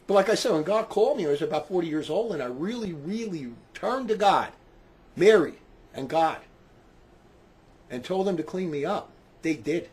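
A man in his sixties preaches in a high, lively voice that leaps up and down. He talks with fiery passion, sinking into low quiet remarks and then rising to shouts. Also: brisk. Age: 60s.

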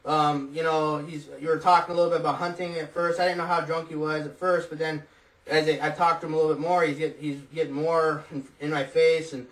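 Rambling, excitable man in an echoey room. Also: a little high, brisk, recorded from a distance. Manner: excited, rambling with many restarts. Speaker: guest telling a story. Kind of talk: casual storytelling.

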